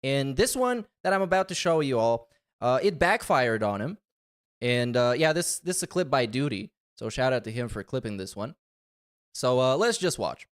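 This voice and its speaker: A man's voice: mid-range voice, very animated, normal speed, smooth. A man co-hosting a casual podcast, introducing clips in a dry, mocking way with many fillers. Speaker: podcast co-host.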